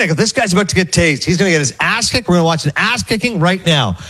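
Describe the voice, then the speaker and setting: Male radio co-host, high husky voice, rapid rambling anecdotes. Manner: rambling, animated storyteller acting out quotes. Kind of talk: casual storytelling chat.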